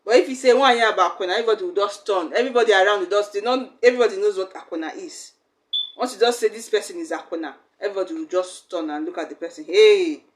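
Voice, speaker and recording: A woman's voice: mid-range voice, very fast. A young woman, teaching a language lesson in a chatty, explaining way. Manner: chatty, acts out little quoted exchanges.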